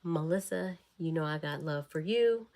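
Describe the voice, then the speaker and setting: A woman chats casually with her livestream audience. She is bubbly and talkative, calling them y'all. Her voice sits a little low. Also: normal speed, background noise. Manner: bubbly, chatty, addresses viewers as y'all. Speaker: wellness vlogger and fitness live-streamer. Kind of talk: casual livestream chat with viewers.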